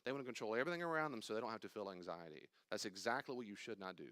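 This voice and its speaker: An older man, a pastor, teaches a church study class emphatically and conversationally in a fairly low, slightly bright voice, racing along. He acts out anxious inner voices and wanders into asides, captured in studio quality with no echo.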